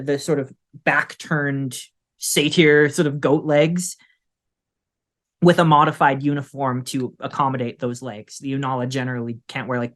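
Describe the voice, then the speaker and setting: Guy running a sci-fi tabletop game, lots of likes and uhs, regular pitch. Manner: rambling, full of "like" and "uh". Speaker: game master.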